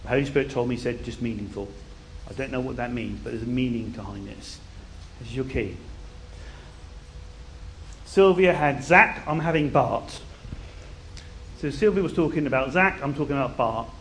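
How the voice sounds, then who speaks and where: A man preaching a sermon, telling a Bible story in an animated way and dropping to a quiet intensity for key points. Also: medium pitch, moderate pace, pauses often, a little hiss or hum.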